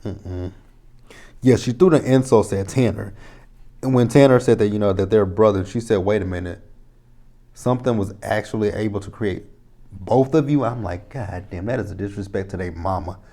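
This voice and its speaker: A man in his thirties recaps a TV drama episode in a loose, rambling way, full of profanity and exasperated asides. His voice sits low and sounds warm and mellow. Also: normal speed. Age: 30s. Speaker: TV episode reviewer. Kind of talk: casual recap and commentary.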